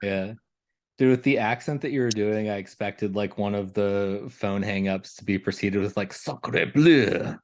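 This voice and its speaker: A man hosting a podcast, asking questions in relaxed, casual chat and laughing along with his guest. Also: lowish voice, moderate pace. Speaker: podcast host.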